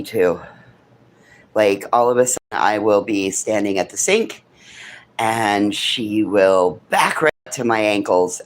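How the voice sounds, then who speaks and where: A man's voice: on the low side, slight background noise. Blunt swearing man chatting to his pets. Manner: blunt, swears freely, talks to his animals. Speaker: vlogger. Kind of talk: casual morning chat to camera and pets. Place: farm house and yard.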